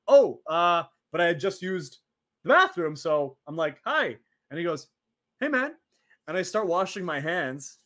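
A man in his twenties, an interview guest telling stories in a lively way, acting out quotes and laughing often. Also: fairly high pitch. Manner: animated, acts out quoted voices, laughs often. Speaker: interview guest, former wrestler. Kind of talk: casual storytelling.

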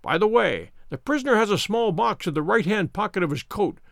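A man voicing a brilliant, wry male detective who explains in a brisk, ironic, lecturing way. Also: high-pitched, expressive, creaky, fairly bright tone, no echo, clean studio sound, pitched above the performer's own voice, exaggerated voice.

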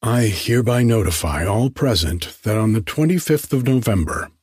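A man's voice: fairly low pitch, lively intonation, normal speed, a little mellow, breathy edge, dry recording, studio quality. A man voicing a young male student who plays a whining, mock-solemn auctioneer. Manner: whining mock-official announcing.

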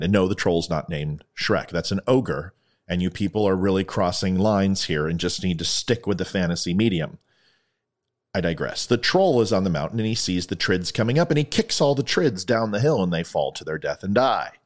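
A man with a low, animated voice speaks at a normal speed, hosting his own podcast. In a casual comedic monologue, he rambles through a funny story and some plugs, cracking self-mocking jokes along the way.

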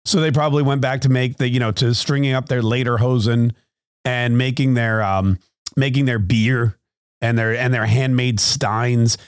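A man's voice: mid-range voice, steady tone, moderate pace, smooth, no echo, studio quality. A man hosting a podcast, telling a story in a rambling, sarcastic comic monologue. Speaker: podcast host.

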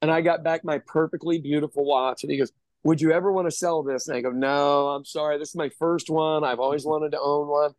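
Candid, chatty chef telling stories. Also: male voice, a little high, flat delivery, fairly quick, few pauses, no room sound. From Kansas City area, USA. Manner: candid, self-deprecating, swears casually. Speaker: podcast guest chef. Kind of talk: casual storytelling chat.

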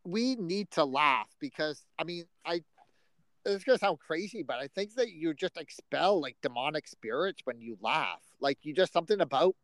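A man's voice: fairly high pitch, lively intonation, normal speed, no room sound, rough recording. Rambling man on a dry podcast mic. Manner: rambling, searching for words. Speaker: podcast co-host. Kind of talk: casual chat.

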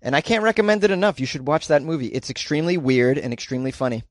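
A male podcast host in a casual comedic monologue, rambling and self-deprecating, with a slightly higher voice than most men. His words come full of "you know" and "uh" through a close microphone in a dry, deadened sound. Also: racing, dry recording.

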